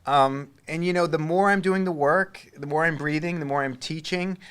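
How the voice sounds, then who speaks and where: A man's voice: on the high side, normal speed, a bit bright, smooth. A man with a Boston accent, a breathwork coach talking in casual conversation, blunt and profane as he tells stories.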